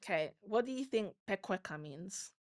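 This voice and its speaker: Lively woman host, dry close sound. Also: mid-range voice, normal speed, dry recording. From Colombia. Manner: animated, laughing, rising loud when worked up. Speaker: podcast host. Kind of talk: casual chat.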